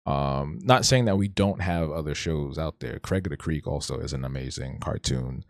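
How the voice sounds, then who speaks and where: A man's voice: extremely low pitch, normal speed, gravelly, dry recording, clean studio sound. A man hosting a casual livestream, talking reflectively and rambling, often restarting and stuttering. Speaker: streamer hosting an art talk show.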